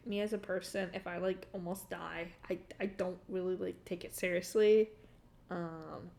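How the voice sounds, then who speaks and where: A woman's voice: medium pitch, darkish tone. A young adult woman telling a story in a casual, rambling way, laughing often and filling her talk with "like" and "um" while she streams.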